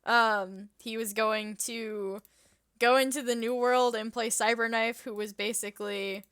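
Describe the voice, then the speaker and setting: A woman's voice: fairly high pitch, fairly even intonation, a little slow, fairly bright tone, clear, resonant tone, no echo, studio quality. A young woman co-hosting a fan podcast in casual chat, giggly and rambling with lots of ums. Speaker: podcast co-host.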